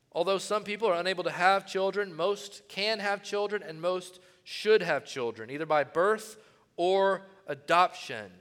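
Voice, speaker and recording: A man preaching a sermon as pastor, animated, swinging between loud emphatic phrases and hushed ones. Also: sits high, long reverb tail.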